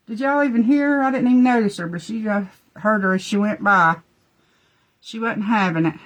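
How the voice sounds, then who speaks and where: A woman chatting folksily through a live makeup demo, talking to her dogs between steps. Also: mid-range voice.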